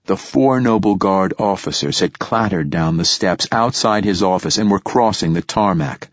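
A man narrating a science fiction story in a measured, steady reading style. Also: deep voice, no room sound, highs cut off. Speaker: audiobook narrator. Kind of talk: scripted narration.

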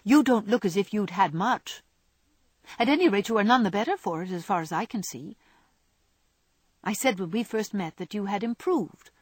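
A woman reading aloud and voicing a sharp-tongued young woman who lectures earnestly and frankly. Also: mid-range voice, expressive, moderate pace, long pauses, husky, no echo. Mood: earnest scolding. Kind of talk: audiobook character reading.

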